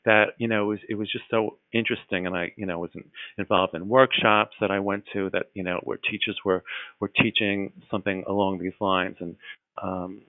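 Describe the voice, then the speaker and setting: A man's voice: deep voice, level tone, brisk, no room sound. A man telling a personal story in a casual, earnest way, with many fillers and restarts and growing enthusiasm. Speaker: guest telling his story. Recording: tinny phone-like line.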